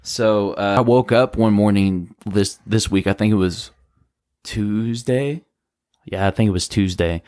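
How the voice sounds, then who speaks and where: A man co-hosting a podcast, casually telling a ghost story in a rambling, animated way, full of "like" and "bro". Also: on the low side, unhurried, dry recording, clean studio sound. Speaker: podcast co-host.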